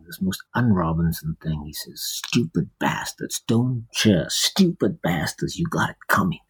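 A man speaking as a scholar in an unhurried academic talk, discursive and hesitant, with many fillers and restarts. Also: low voice, darkish tone, husky, poor audio.

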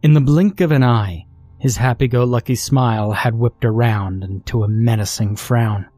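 Dark-voiced man narrating horror. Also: mid-range voice, no echo, soft background music. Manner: measured, deliberate storytelling.

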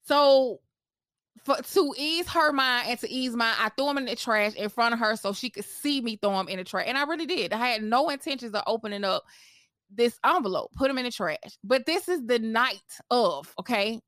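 A woman tells a personal story for her vlog, candid and animated, with plenty of swearing. Her voice sits a little high. The sound is dry and close, with no room behind it. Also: normal speed, no room sound. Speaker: vlogger.

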